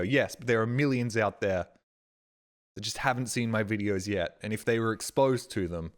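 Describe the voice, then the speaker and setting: A man's voice: fairly low pitch, moderate pace. A man streaming while he plays a game, rambling casually and jokily, swearing often and getting defensive. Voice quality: profane, jokey, defensive.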